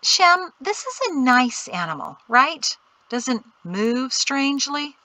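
Brief: nervous fussy wife, fretting questions, read by the narrator, bright voice. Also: female voice, high voice, very animated, takes it slowly, no echo, pitched above the performer's own voice, heavily acted, poor audio. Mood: fretful. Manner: anxious, fretting.

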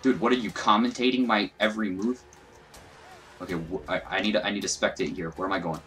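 Young guy gaming commentary, low deep voice, cussing and joking at himself, a bit of game music under it. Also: steady tone, fast, a bit bright. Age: young adult. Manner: casual, profane, self-mocking banter. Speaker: gaming YouTuber. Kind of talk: let's play commentary.

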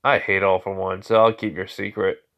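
A man's voice: sits low, level tone, moderate pace, creaky, fairly bright tone, muffled recording. A man voicing a cowardly male sludge monster villain who whines and pleads. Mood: grumbling. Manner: pleading, whiny.

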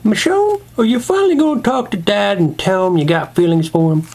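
A man voicing a teasing teenage boy in a toy skit, high and pushy. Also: animated, brisk, a little mellow, slightly rough, heavily acted. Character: teenage boy urging his friend on.

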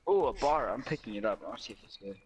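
A man chatting over a game with friends, quickly explaining the play. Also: mid-range voice, sing-song, very noisy. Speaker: gamer in party chat. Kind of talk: casual chat.

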